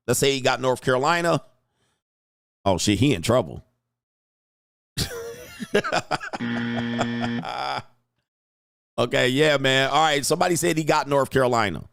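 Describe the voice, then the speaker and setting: Excitable man thinking aloud on a stream. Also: mid-range voice, gravelly, smooth, no room sound, clean studio sound. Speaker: livestream host. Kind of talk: casual live commentary.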